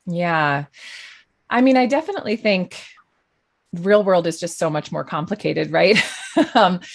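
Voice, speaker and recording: A woman's voice: on the low side, animated, measured pace, creaky. A woman guest on a podcast, speaking thoughtfully with many fillers and restarts. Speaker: guest, journalist. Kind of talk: conversational podcast interview.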